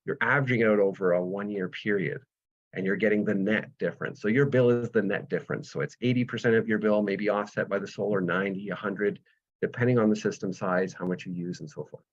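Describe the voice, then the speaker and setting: A man's voice: fairly low pitch, fairly even intonation, fast talker. A man, explaining solar power step by step with patient analogies in a webinar over a video call. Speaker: solar energy presenter. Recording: dull lo-fi webinar audio.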